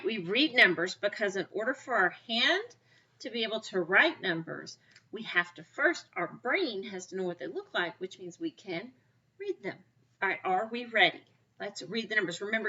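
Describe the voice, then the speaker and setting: A woman's voice: on the high side, sharp tone, breathy edge, highs cut off. A woman teaching a recorded kindergarten math lesson, upbeat and encouraging, coaxing children to count along with her.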